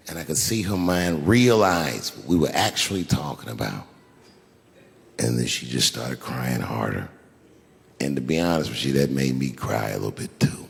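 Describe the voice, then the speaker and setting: Animated male stand-up comic on stage. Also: a bass voice, normal speed, vocal fry. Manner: animated storytelling with acted quotes. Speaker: stand-up comedian. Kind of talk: stand-up comedy routine. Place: large theater stage. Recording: reverberant hall with crowd noise. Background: audience laughter.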